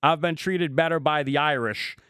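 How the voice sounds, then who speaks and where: A man's voice: a little high, moderate pace, bright, forceful tone, clear, resonant tone, dry recording, studio quality. A man co-hosting a podcast, trading casual jokes with laughing asides. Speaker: podcast co-host. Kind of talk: casual comedic banter.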